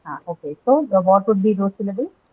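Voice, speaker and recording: A woman's voice: medium pitch, expressive, fairly quick. A woman teaching an English phonetics class, explaining step by step with many ums and rights. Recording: muffled lo-fi audio.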